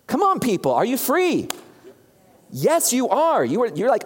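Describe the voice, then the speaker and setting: A preacher delivering an animated sermon, asking the congregation questions directly. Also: medium pitch, a little slow, husky. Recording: long hall reverb.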